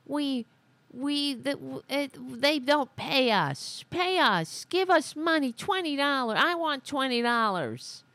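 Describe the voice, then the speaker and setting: Woman putting on a childish politician voice, high and nasal-sounding whine, pushy and greedy. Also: sing-song, slow, a bit bright, no room sound, exaggerated voice. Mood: whiny demanding. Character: whiny, shrill mocking caricature of a woman politician.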